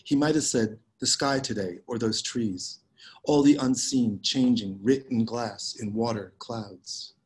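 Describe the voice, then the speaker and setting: A man reading his own poems aloud on a video call, measured and unhurried with pauses between lines. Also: medium pitch, darkish tone, low-quality recording. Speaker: poet reading his work. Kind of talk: poetry reading.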